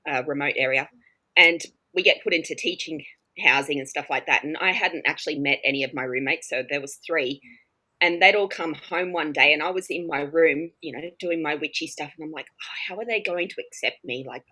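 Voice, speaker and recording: A woman's voice: sits low, fairly quick, low-quality recording. A woman, a teacher, telling a story in casual chat and acting out the people in it. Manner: animated, acts out the other people in her stories.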